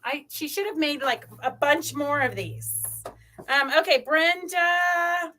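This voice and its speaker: A woman's voice: sits high, unhurried, pushed and bright, slight background noise. A woman hosting a live sewing stream, chatting casually and rambling with lots of ums as she shows fabric. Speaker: host of a live sewing show.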